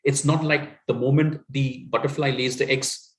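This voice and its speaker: An earnest middle-aged man with an Indian English accent gives a motivational coaching talk, often adding "right?" and "you know". His voice sits at an ordinary pitch for a man. The recording carries a noticeable roomy echo. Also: steady tone, normal speed. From Assam, India. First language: Assamese. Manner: earnest, with many fillers and tag questions. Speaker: communication coach. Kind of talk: motivational talk answering a question.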